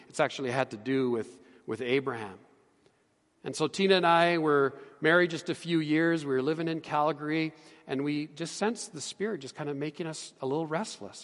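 A middle-aged man, a pastor, preaching a sermon with earnest emphasis that drops to hushed tones. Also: fairly high pitch, long reverb tail. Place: church sanctuary.

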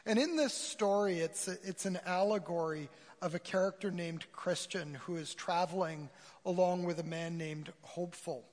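A man's voice: high-pitched, moderate pace. A man preaching a sermon to a congregation, retelling a story with a storyteller's flair. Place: church sanctuary. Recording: church hall reverb.

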